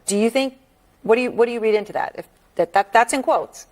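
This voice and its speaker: A woman hosting a cable news panel, asking brisk, animated questions. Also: on the high side.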